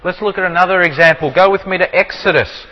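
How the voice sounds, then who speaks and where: A man teaching from the Bible in sermon style, asking his listeners rhetorical questions and slowing down to stress key phrases. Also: sits high, dull audio. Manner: asks the audience many rhetorical questions. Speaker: preacher teaching on scripture. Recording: long hall reverb.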